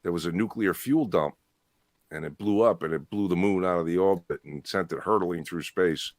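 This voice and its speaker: A man's voice: low voice, normal speed, dry recording, clean studio sound. A middle-aged man hosting a casual chat, rambling and laughing, often restarting his sentences. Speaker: podcast host. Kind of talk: casual bar-style chat.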